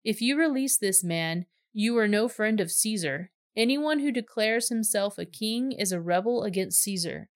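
A woman reads a group of hostile temple leaders pressing their accusations. She keeps her ordinary mid-pitched voice and does not shout. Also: lively intonation, normal speed, few pauses, natural voice. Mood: accusing. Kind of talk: scripture reading.

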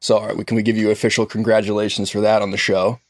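A man's voice: fairly low pitch, flat delivery, racing. A man co-hosting a casual podcast, easygoing and steering the talk back to questions. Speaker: podcast co-host.

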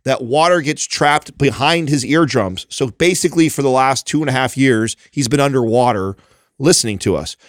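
A man's voice: mid-range voice, moderate pace, no echo, clean studio sound. A man in his thirties hosting a podcast, telling a story in a rambling way with many restarts and casual swearing. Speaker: podcast host.

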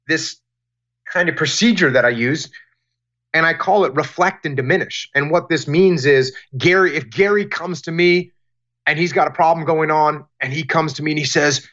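A man answering interview questions about leadership in a deliberate, emphatic way, often repeating phrases for emphasis. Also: fairly high pitch, a bit bright, highs cut off. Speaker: guest, former military leader.

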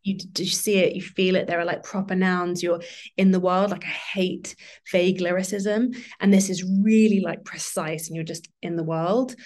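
A woman's voice: on the low side, steady tone, normal speed, a little mellow. A woman author talking about books as a podcast guest, effusive and rambling, full of restarts and "like"s. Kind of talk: casual book chat.

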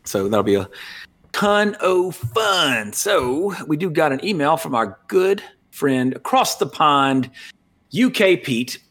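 A man's voice: on the high side, big pitch swings, measured pace, a bit bright. A man co-hosting a podcast in casual chat, rambling with fillers and restarts. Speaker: podcast co-host.

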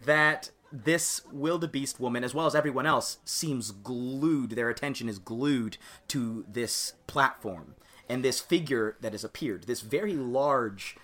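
Man, game master, rambling narration, bright tone. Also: mid-range voice, a little slow.

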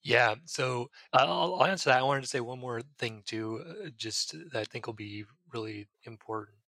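A man's voice: medium pitch, fairly even intonation, normal speed, pushed and bright, no echo. A man, a psychiatrist guest on a podcast, earnestly explaining ideas with everyday examples. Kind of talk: casual podcast advice.

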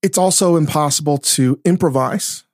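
A man co-hosting a casual podcast, talking in an animated way, swearing often and restarting his sentences. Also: a little high, moderate pace, dry recording, clean studio sound. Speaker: podcast co-host, chef. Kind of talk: casual chat. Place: studio.

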